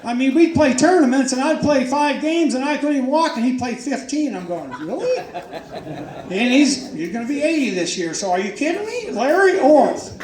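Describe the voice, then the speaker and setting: A man's voice: very high voice, expressive, normal speed. An older man presenting awards at a banquet, folksy and joking, talking up each winner with emphatic praise. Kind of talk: casual speech at a banquet. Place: banquet hall. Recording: echoey hall with crowd and noise.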